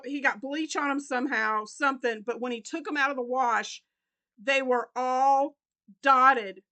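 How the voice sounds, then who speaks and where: A middle-aged woman talks casually through a gift unboxing, unhurried and chatty. Her voice sits high and bright, and she keeps dissolving into helpless laughter. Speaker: crochet vlogger.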